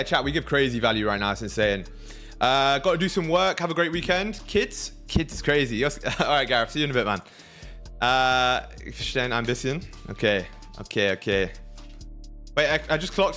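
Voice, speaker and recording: Casual young streamer, hypes his chat, thinks aloud, soft music bed. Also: mid-range voice, lively intonation, brisk. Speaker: trading livestream host.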